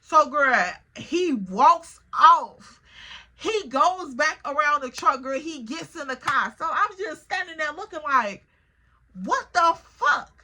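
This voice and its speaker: A young woman telling a storytime vlog, animated and slangy, cursing freely and calling her viewers girl. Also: high voice, slow. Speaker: vlogger.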